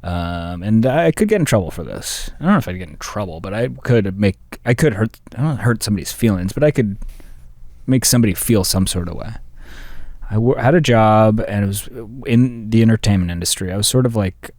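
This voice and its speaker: A man's voice: on the low side, animated, brisk, darkish tone, dry recording, clean studio sound. A young man co-hosting a comedy podcast, telling stories in a rambling, stop-start way. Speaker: podcast co-host. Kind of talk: casual comedic chat.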